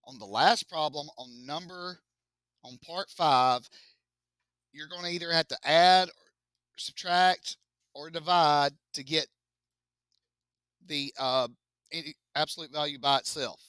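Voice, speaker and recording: Bright, clear-voiced joking math teacher. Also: male voice, on the high side, slow pace, long pauses, no room sound, studio quality. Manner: casual, joking, talks to students as y'all. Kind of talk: classroom lecture working through a test. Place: classroom.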